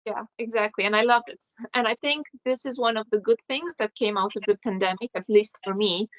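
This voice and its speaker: A woman's voice: a little high, fairly quick. Woman host on a muffled video call. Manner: attentive, frequent soft agreeing sounds. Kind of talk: casual video call interview.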